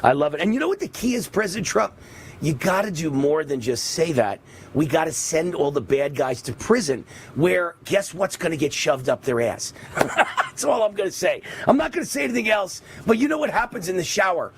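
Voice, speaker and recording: Loud ranting New York man. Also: fairly high pitch, very animated, a little fast, slight background noise. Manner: loud, ranting, emphatic delivery. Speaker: show host. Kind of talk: live political commentary.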